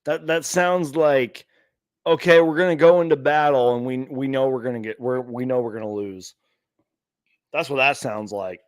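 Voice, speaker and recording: A man's voice: mid-range voice, normal speed, no room sound. A man hosting a sports channel, ranting live and reacting to clips with exasperated sighs. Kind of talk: late-night live rant reacting to clips.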